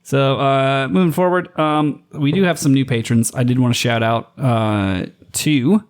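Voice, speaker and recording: A man's voice: mid-range voice, unhurried, smooth. A man co-hosting a podcast in casual chat, profane and jokey, often restarting his sentences. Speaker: podcast co-host.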